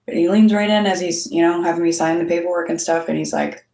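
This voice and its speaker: Speaking fast in a lowish, steady, creaky voice with a warm tone, this middle-aged host delivers a blunt, profanity-laden story to camera and quotes what others said. The mic is distant and the room echoes around her off-mic voice.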